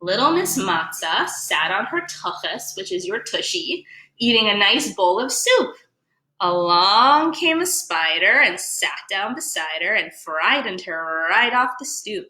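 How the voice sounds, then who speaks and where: A woman educator reads a picture book to children in a slow, unhurried way, her bright, high voice swooping with lively expression. She stops often to explain words playfully, and the sound rings in an echoey room. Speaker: museum educator. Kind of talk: children's story reading.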